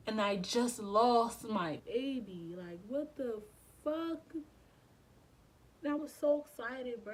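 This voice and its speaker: A young adult woman with a fairly high voice tells a personal story in a casual storytime vlog, captured on a rough recording. Subdued and emotional, she's candid, using slang, swearing and repeating phrases.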